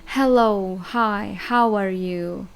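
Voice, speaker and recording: With a creaky yet clear and resonant mid-range voice, a young woman whose native language is Russian gives an online language lesson in accented speech. She chats hesitantly, drawing sounds out slowly and repeating them, and often laughs at herself.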